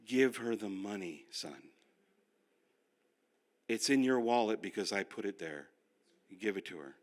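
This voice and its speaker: A man's voice: lowish voice, lively intonation, a little slow, voice pushed down. An older man voicing God as a stern, blunt, fatherly figure who scolds him.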